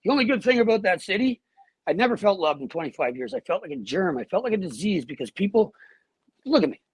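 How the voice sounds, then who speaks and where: Blunt middle-aged guy, high husky voice on a video call, dry sound. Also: quick pace, dry recording, rough recording. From Canada. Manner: animated, blunt, swears freely. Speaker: guest. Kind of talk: emotional personal storytelling. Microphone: earbuds.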